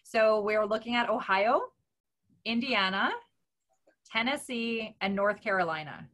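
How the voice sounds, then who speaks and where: A woman guest on a talk show, speaking in an animated, emphatic and blunt way about her business. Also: medium pitch, unhurried. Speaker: real estate investor guest. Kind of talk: casual chat.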